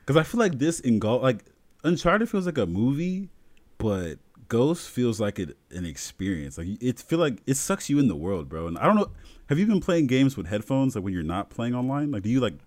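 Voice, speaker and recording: A young man talking casually and excitedly about a video game, full of fillers and restarts. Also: medium pitch, moderate pace. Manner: excited, filler-heavy, rambling storytelling. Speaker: gamer friend in a podcast chat. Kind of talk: casual chat.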